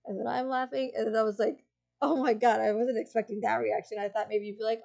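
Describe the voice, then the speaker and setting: A woman's voice: on the high side, steady tone, fast talker, creaky, dark tone. A woman streamer chatting casually with her viewers, rambling and giggling, full of fillers and restarts. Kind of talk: casual chat with live chat.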